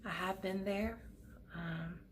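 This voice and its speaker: A middle-aged woman giving a pick-a-card tarot reading at her desk at home, speaking gently and emotionally, with soothing pauses. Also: medium pitch, a little hiss or hum.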